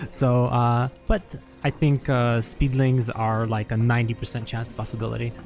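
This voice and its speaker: A man's voice: mid-range voice, steady tone, measured pace, darkish tone, faint music behind. A man commentating a strategy game match at a live event, chatty and analytical with frequent laughs and fillers. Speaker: esports commentator. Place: venue at a LAN event.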